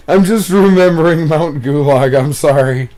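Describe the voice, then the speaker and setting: A young man casually chatting while playing a game, telling stories in an animated, profane way. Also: on the high side, measured pace. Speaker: gaming commentator. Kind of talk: casual gaming chat.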